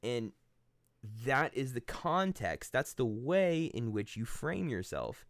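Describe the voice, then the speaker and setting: A man's voice: medium pitch, big pitch swings, slow, vocal fry, no room sound, clean studio sound. A man hosting his channel, giving a casual philosophical monologue in blunt, profane storytelling that acts out the people he quotes. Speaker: channel host.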